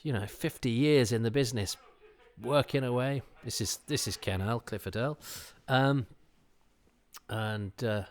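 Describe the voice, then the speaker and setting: A man's voice: mid-range voice, moderate pace. A middle-aged man hosting a podcast, giving an enthusiastic, rambling commentary over an old TV episode, full of fillers and restarts. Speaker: podcast host.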